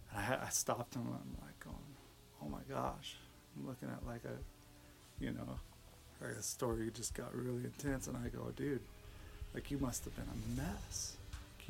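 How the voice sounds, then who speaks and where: A man retelling someone's story in a conversational, halting way, dropping his voice at the intense moments. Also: mid-range voice, creaky, darkish tone. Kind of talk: storytelling talk.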